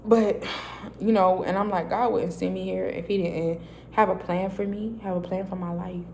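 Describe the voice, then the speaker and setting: Woman vlogger, animated and chatty faith testimony, mid-pitched voice, faint background noise. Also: normal speed, vocal fry. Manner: animated storytelling, acting out her own dialogue; casual, loose and chatty with many fillers. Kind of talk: casual faith testimony vlog. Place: a quiet private space.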